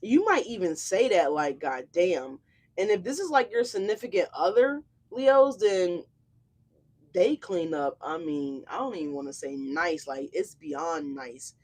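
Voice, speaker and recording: A tarot channel host gives a live reading in a loose, chatty voice of middling pitch. The delivery is gushing and exclamatory, full of slang and casual swearing, spoken straight to the audience. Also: expressive, a little slow, a little mellow. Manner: effusive, slangy and profane, exclamatory.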